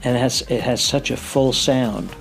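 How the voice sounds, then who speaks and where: A male host with a gravelly, mid-pitched voice conducts a relaxed interview. He keeps to short, approving remarks and simple questions, with faint music underneath. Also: moderate pace. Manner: affirming, brief enthusiastic prompts. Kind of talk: casual interview chat.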